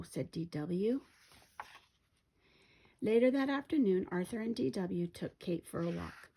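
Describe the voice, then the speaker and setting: A woman's voice: unhurried, vocal fry, breathy edge. A woman reading a children's picture book aloud, giving the characters different voices. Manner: lively, voices characters with pitch jumps. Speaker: storybook reader.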